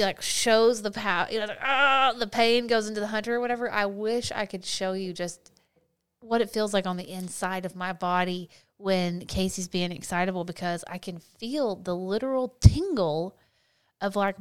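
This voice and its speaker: A woman's voice: mid-range voice, clean tone. A woman co-hosting a podcast in casual chat, teasing and laughing often while telling stories. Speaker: podcast co-host.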